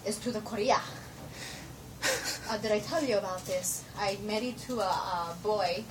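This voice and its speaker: A woman's voice: medium pitch, moderate pace, lightly acted. A young woman putting on a giggly foreign-accented persona in broken English, filmed at home. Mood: playful. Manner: broken grammar with stray "to the", giggly. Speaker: roommate. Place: home room. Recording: noisy home video from a distance.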